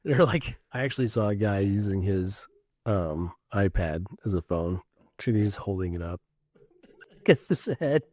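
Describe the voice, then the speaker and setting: A middle-aged man with a fairly low voice co-hosts a casual podcast chat. He tells stories in an animated way and swears freely. The sound is dry and close. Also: a little slow, dry recording. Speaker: podcast co-host.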